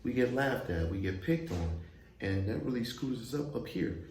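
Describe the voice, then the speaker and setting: A man's voice: medium pitch, lively intonation, moderate pace, a little mellow, soft background music. A man hosting a casual, chatty reaction commentary who laughs often. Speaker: host. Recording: echoey room, faint noise.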